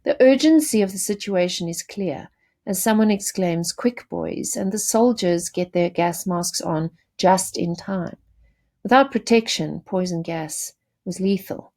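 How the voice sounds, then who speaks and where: A woman's voice: fairly low pitch, a little slow, darkish tone. A woman teacher giving a patient poetry lesson, explaining terms with small restarts.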